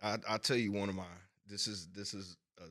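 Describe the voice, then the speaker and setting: A man's voice: on the low side, level tone, a little fast, bright, forceful tone. A man co-hosting a podcast who tells loose, laughing stories in casual chat. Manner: loose, laughing storyteller who acts out other people's voices. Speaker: podcast co-host.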